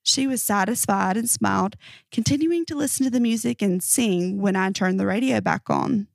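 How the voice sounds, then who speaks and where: A woman narrating a creepy first-person story in a measured, earnest way. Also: mid-range voice, vocal fry, no room sound. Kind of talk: reading creepy online stories aloud.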